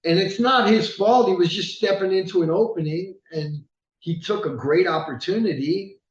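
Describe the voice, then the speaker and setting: A man, a rock singer and guest, telling stories in a casual, animated way, swearing freely and laughing often. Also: high voice, moderate pace, lo-fi sound. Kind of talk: casual storytelling interview. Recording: roomy echo.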